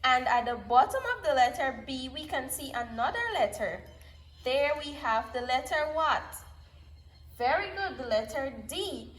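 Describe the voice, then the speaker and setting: Slow, patient woman teacher, high voice. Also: a bit bright. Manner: patient, praising, repeats key words. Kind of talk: slow, deliberate classroom instruction to small children. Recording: echoey room.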